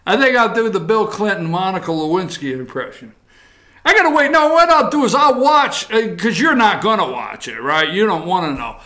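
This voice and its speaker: A man hosting a morning talk show, reading headlines aloud and joking about them in a casual, animated way. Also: sits high, moderate pace. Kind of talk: casual political commentary.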